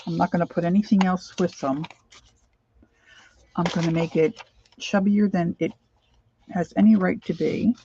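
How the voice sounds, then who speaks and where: A woman's voice: fairly low pitch, fairly even intonation, moderate pace, long pauses, mellow, dull audio, a little hiss or hum. An older woman hosting a crafting livestream, chatting casually and greeting viewers by name as she works.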